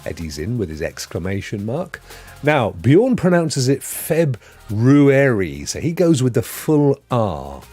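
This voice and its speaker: A man's voice: medium pitch, sing-song, takes it slowly, mellow, husky, dry recording, soft background music. A man hosting a live gaming stream, chatting casually and jokily and greeting viewers by name. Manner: jokey, rambling, greets chat viewers by name.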